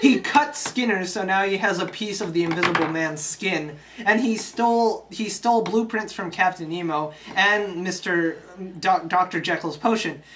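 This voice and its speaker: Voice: medium pitch, normal speed, hardly any pauses, a bit bright, distant mic, a little hiss or hum, rough recording. A speaker giving a casual, irreverent comedic recap of a film, swearing freely and dropping jokey asides. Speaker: comic storyteller retelling a film.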